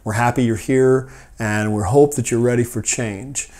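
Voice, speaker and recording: A man's voice: mid-range voice, steady tone, normal speed, a little mellow. Friendly man telling a parable. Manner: friendly, hesitant, many fillers. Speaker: podcast host at a rescue mission. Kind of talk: storytelling devotional talk. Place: office.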